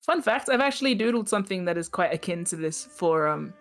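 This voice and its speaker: Playful woman with a lively voice. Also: fairly low pitch, fairly quick, faint music behind. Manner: playful and joking, laughs often. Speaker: player. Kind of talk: casual tabletop game chat.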